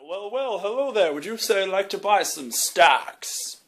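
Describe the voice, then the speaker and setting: A man's voice: high-pitched, animated, moderate pace, pitched above the performer's own voice. A young man putting on the voice of a smug, fancy stock seller, pompous and drawn out.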